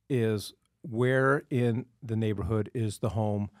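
A man hosting a real estate podcast, telling a story in an animated, emphatic way. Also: lowish voice, slow pace, no echo, studio quality. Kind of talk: casual chat.

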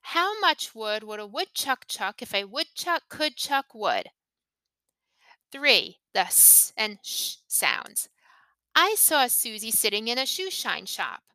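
A woman hosting an English podcast, slowly modeling tongue twisters and intonation for learners to repeat. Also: a little high, big pitch swings, sharp tone, no room sound. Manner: careful, deliberate modeling of intonation. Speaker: English teacher and podcast host. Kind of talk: slow, clear pronunciation lesson.

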